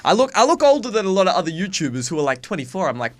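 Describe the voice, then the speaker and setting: Young guy, faint Aussie accent, slightly high voice, cheeky, swears a lot, webcam vlog. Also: very animated, racing, hardly any pauses. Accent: faint, watered-down Australian. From Australia. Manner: chatty, swears freely, self-mocking. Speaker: YouTuber. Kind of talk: casual chat to camera.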